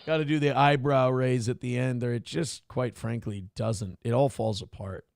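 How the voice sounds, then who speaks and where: Gravelly man reading viewer messages. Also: fairly even intonation, moderate pace, darkish tone, dry recording, clean studio sound. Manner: reads messages in a raised voice, then drops into low wry asides. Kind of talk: casual live-stream chat.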